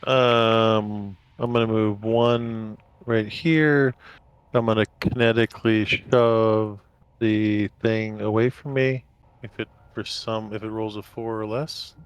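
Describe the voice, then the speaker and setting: A man's voice: lowish voice, fairly even intonation, slow pace, smooth, no echo. A man playing a tabletop game, laid-back and joking about his character's moves. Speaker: player. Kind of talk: casual tabletop play.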